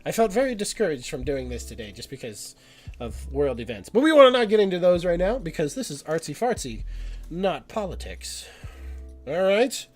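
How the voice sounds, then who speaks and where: A man's voice: on the high side, big pitch swings, normal speed, a little mellow, soft background music. A young man hosting a live painting stream, rambling and self-doubting as he chats with viewers. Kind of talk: casual live-stream chat while painting.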